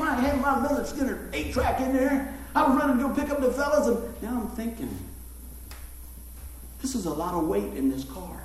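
Folksy preacher, echoey church. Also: male voice, very high-pitched, lively intonation, normal speed, a little hiss or hum. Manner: folksy, joking, talks to the congregation. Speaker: pastor. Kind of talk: sermon. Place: church sanctuary. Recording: echoey church room, mic far off.

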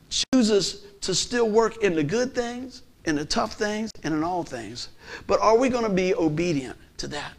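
A man giving a lively spoken testimony, telling a story with acted-out quotes and swinging from loud bursts to hushed lines. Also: fairly high pitch. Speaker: gospel musician giving testimony. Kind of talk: animated testimony sermon.

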